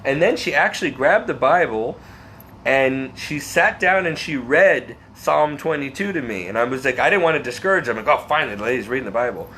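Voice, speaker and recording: A man's voice: a little high, expressive, moderate pace, bright, forceful tone, a little hiss or hum. A man vlogging a personal faith testimony, talking earnestly and emotionally, rambling and restarting his sentences. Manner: restarts and repeats words.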